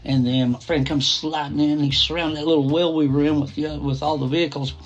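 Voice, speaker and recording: With a lo-fi sound and soft guitar behind him, a middle-aged man narrates his own story in a slightly high, steady voice, a little fast. He keeps restarting and going off on tangents, quoting people in a flat, plain way.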